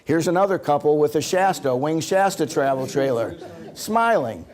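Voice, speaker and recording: A man presenting a seminar to a live audience, a joking storyteller who slips into acted quotes. His voice sits a bit higher than most men's. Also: lively intonation, normal speed, darkish tone. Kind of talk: humorous seminar talk.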